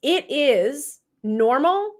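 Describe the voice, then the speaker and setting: A woman's voice: high voice, expressive, very slow. Chatty upbeat woman coach hosting live. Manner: chatty, upbeat, laughs often, talks to the chat. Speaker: marketing and sales coach hosting a live session. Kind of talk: casual livestream talk.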